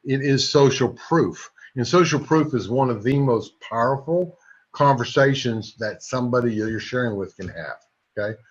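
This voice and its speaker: A man in his sixties giving a sales training talk, a lively storyteller who throws quick asides to his audience. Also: mid-range voice. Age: 60s. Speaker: network marketing trainer. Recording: dull lo-fi recording.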